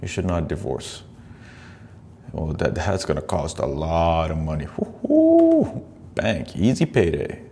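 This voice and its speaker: A man's voice: very deep voice, unhurried, a little hiss or hum. A man hosting a casual podcast, reacting to video clips with profane, mocking commentary. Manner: profane, mocking, animated asides. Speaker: podcast host.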